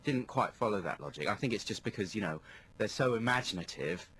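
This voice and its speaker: A man co-hosting a radio show, telling stories in a lively, animated way and acting out what people said. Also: lowish voice, fairly quick, breathy edge. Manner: animated storyteller, acts out quotes. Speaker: radio co-host. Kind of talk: casual radio chat. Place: radio studio. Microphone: studio microphone.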